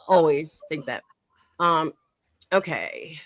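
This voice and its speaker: Chatty woman streamer with lively pitch. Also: dry recording. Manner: chatty, laughs often, reads chat aloud. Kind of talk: casual live-stream chat.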